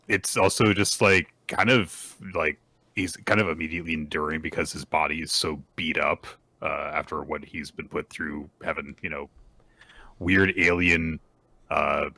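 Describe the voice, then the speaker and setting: A man co-hosting a casual podcast, giving relaxed commentary full of fillers. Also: rumbling low, unhurried, no echo. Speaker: podcast co-host.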